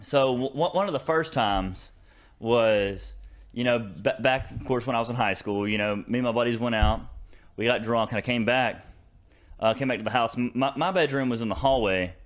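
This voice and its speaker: Young southern dude on a podcast, rambling story, lots of ums and restarts. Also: male voice, medium pitch, moderate pace. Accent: Southern American. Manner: rambling, many fillers and restarts, laughs through stories. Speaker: podcast co-host. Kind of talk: casual storytelling chat.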